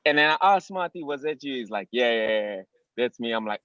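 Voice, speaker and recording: A man from South Africa with a South African accent telling an excited, profane story on a video call, laughing often. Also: mid-range voice, fairly quick, no echo, muffled recording. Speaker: participant.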